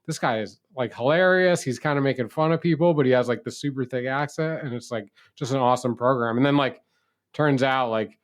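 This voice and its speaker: Podcast co-host, man, mid-pitched, rambling and casual, profane, filler-heavy. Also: fairly even intonation, fairly quick. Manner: chatty, swears, many "like" fillers. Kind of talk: casual chat.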